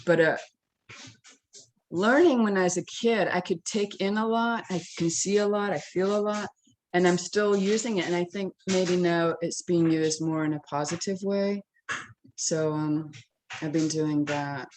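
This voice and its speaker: Low-voiced older woman, halting and emotional. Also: steady tone, darkish tone, a little hiss or hum, poor audio. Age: 60s. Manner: halting, emotional, with many restarts. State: tearful. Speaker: interfaith minister. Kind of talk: personal sharing in a faith circle.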